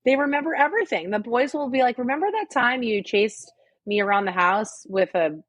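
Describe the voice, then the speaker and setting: A woman's voice: fairly high pitch, expressive, brisk, no echo. A woman co-hosting a podcast, talking frankly and swearing freely in casual chat. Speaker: podcast co-host.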